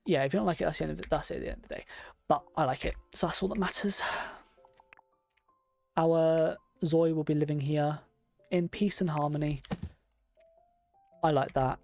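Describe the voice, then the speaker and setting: A game streamer chats casually with the audience while placing furniture, thinking through each choice aloud. The medium-pitched voice has a noticeable gravelly fry, moves at a moderate pace with frequent pauses, and soft game music plays underneath this casual gameplay commentary.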